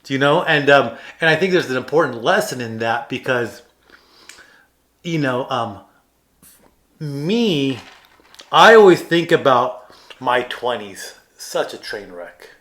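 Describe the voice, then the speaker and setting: A man's voice: medium pitch, lively intonation, slow pace, pauses often, fairly bright tone. A man in his thirties, co-hosting a podcast in casual chat, telling rambling, self-deprecating stories with plenty of fillers and restarts. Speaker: podcast co-host.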